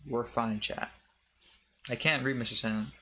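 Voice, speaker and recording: A man's voice: mid-range voice, fairly even intonation, moderate pace, pushed and bright, slight background noise. A man streaming as a VTuber, reading articles aloud for chat, joking, tripping over words and breaking off to laugh.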